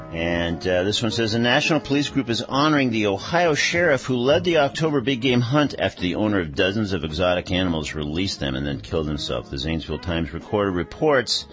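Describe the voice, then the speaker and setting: A man hosting a radio talk show, reading stories in an unhurried way with many pauses. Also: deep voice, fairly bright tone. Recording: dull radio broadcast audio.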